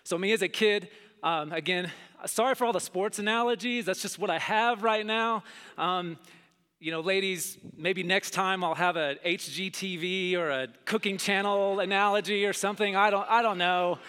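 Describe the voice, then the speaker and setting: A man's voice: normal speed, clean tone. A middle-aged man preaching a sermon, telling stories and acting out scenes with big jumps in his voice. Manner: animated, acts out scenes with big pitch jumps. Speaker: pastor. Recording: long hall reverb.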